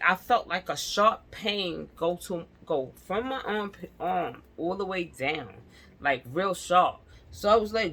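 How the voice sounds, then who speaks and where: A woman speaks in with a bright, forceful tone. She tells a story straight to her viewers in a loose, animated storytime style. She laughs often and keeps calling out to them. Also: on the low side. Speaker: vlogger. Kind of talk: casual storytime chat to viewers. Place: indoors at home.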